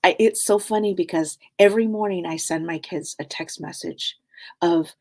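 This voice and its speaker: On her spiritual talk show, a middle-aged host talks at a normal speed in a fairly low voice. Her style is meandering and casual, full of fillers, and she often sinks into a soft hush.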